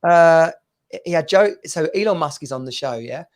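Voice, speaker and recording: A man in his thirties co-hosting a casual chat show, telling stories in an animated way and laughing often. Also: on the high side, normal speed. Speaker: podcast co-host.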